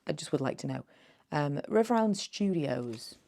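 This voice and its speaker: A woman's voice: low-pitched, animated, moderate pace, gravelly, mellow. A woman near forty, chatting casually through a thrift haul, rambling and a little slurred as if just woken. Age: late 30s. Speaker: beauty vlogger.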